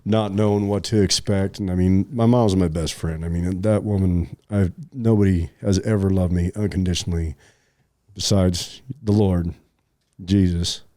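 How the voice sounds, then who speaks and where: Middle-aged guy rambling thru a story, low mellow voice, lots of likes and you knows, kinda choked up. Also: steady tone, normal speed, dry recording, studio quality. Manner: rambling, many fillers and restarts. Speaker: podcast co-host. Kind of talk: casual storytelling chat.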